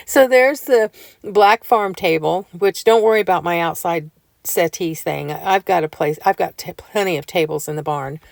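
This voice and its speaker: A woman's voice: fairly low pitch, moderate pace, vocal fry, no echo. A woman chatting casually to viewers about decorating her home, telling homey stories and laughing often.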